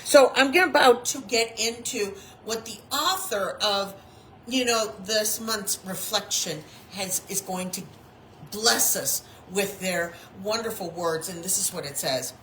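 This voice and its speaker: A woman in her fifties preaching a sermon as a chaplain, talking in an animated way and acting out the people she quotes. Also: medium pitch, unhurried, slight background noise, low-quality recording. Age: 50s.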